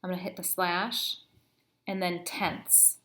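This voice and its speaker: Bright-voiced woman teaching fractions. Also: lowish voice, level tone, in a whisper. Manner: patient, counts aloud slowly, addresses students. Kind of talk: classroom math lesson video. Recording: echoey room.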